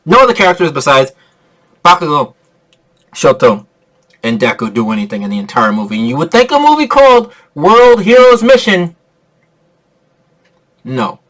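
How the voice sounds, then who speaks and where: A man giving a casual, excitable movie review rant, laughing often and swearing freely. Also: fairly high pitch.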